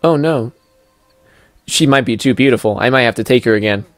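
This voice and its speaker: A man's voice: mid-range voice, a little fast, a bit bright, no room sound, soft background music. A young man giving casual let's-play commentary as he plays, chatty and goofy with playful sing-song asides. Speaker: gameplay commentator.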